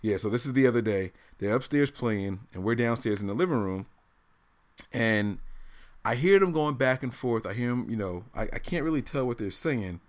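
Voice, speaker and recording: A man in his thirties chatting on a podcast, telling a family story with lots of energy. His voice sits in a middle pitch, and he breaks into laughter often. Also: lively intonation, moderate pace. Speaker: podcast co-host. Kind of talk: casual chat.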